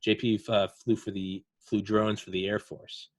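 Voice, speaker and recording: A man's voice: fairly low pitch, level tone, unhurried, dry recording. A man hosting a casual podcast chat, retelling veterans' war stories in a rambling way with lots of fillers. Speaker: podcast host.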